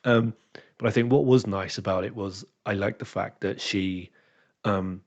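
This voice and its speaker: His voice is lowish and his pace a little slow. The man, a podcast co-host and dungeon master, chats casually about a game, bringing his players' remarks to life with animated impressions, on a dull lo-fi recording.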